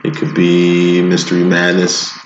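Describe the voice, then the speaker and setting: A man giving a casual tarot reading in a laid-back, slangy way, with a flat monotone delivery. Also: sits low, measured pace. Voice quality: self-described monotone. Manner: laid-back, slangy, chuckles between lines. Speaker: tarot reader. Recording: echoey room, dull lo-fi, loud background noise.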